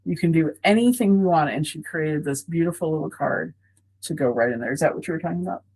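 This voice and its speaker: A woman's voice: low-pitched, quick pace, darkish tone, breathy edge, poor audio. A woman co-hosting a live craft showcase, gushing with enthusiasm over handmade cards. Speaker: co-host. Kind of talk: live product showcase chat.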